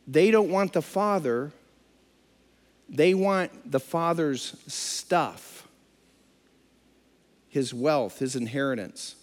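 A man's voice: on the high side, slow pace, long pauses. A man preaching a sermon who acts out the characters of the story he tells. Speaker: pastor. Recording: long hall reverb.

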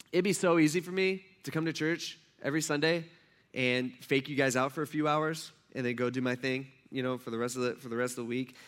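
A man preaching a sermon as a pastor in church, conversational and self-deprecating, acting out quoted voices with big jumps in pitch. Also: a bit bright. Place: church hall.

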